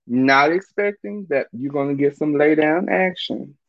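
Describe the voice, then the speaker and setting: A man telling a long casual story. He is animated and profane, uses a lot of slang, and laughs often. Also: fairly high pitch, unhurried, gravelly, hardly any pauses, dry recording. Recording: dull, muffled dry recording.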